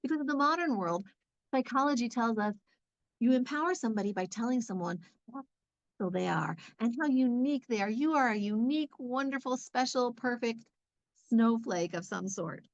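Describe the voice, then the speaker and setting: A woman giving a conversational Bible lesson, speaking in a chatty, lively way with lots of fillers. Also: a little high, moderate pace, dry recording, muffled recording. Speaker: Torah teacher.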